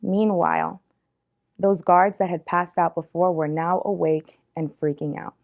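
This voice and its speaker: A woman storyteller retelling a Bible story for young people in a lively, casual way. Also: on the low side, measured pace.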